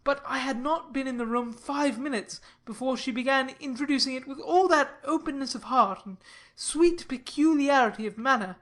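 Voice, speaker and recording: In a classic audiobook, a woman voices a sober, earnest young gentleman who speaks in a measured, persuasive way, pitched a little high. Her reading stays plain and storybook-like rather than a put-on character voice.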